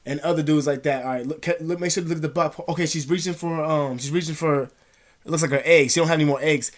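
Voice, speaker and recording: A man vlogging in a rambling, profane, animated storytelling monologue. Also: on the high side, fast. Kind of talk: casual monologue.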